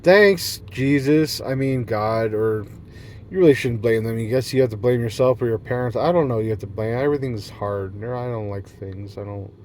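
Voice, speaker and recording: A man in a loose, goofy ramble that hops from one thought to the next with bursts of laughter. His voice sits at an ordinary middle pitch for a man. He is out in nature after dark, with a faint hum of outdoor ambience behind him. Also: normal speed. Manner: silly, rambling, jumps between topics with frequent laughs. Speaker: vlogger. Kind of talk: rambling monologue.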